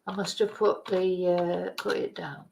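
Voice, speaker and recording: A woman's voice: lowish voice, little pitch movement, measured pace, creaky, warm tone, a little hiss or hum, low-quality recording. A woman hosting a casual chat, rambling and exclaiming as she reacts to old videos. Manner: chatty, rambling, exclaiming in disgust. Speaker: channel host.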